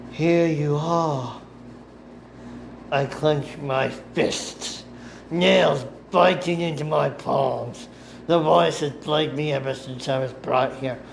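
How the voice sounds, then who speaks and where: A man narrating a first-person story in a deliberate amateur reading, sometimes correcting himself. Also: a little high, fairly even intonation, gravelly, a little hiss or hum. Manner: slow, deliberate reading with occasional self-corrections.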